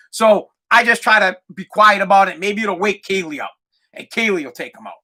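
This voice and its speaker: High bright-voiced exasperated male podcaster. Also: lively intonation, a little fast. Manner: exasperated ranting, yells and imitates barking. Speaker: podcast host. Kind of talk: casual comedic rant.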